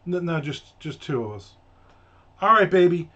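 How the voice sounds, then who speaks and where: A man voicing a brassy, loud middle-aged female diner waitress who calls everyone honey and baby. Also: animated, moderate pace, lo-fi sound. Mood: syrupy. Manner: shrill, sugary terms of endearment.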